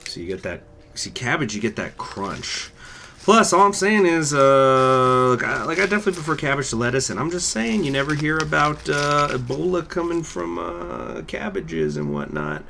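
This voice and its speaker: A man's voice: fairly high pitch, big pitch swings, normal speed, gravelly, bright, forceful tone, a little hiss or hum. A man hosting a gaming channel, chatting casually and rambling to his viewers in an offhand, profane way. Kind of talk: casual chat to live viewers.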